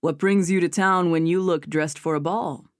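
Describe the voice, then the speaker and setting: A woman's voice: lowish voice, steady tone, moderate pace, no echo, studio quality, close to an everyday voice. A woman voicing a flirtatious, playful cowboy playboy who speaks in a mock-princely, gallant way.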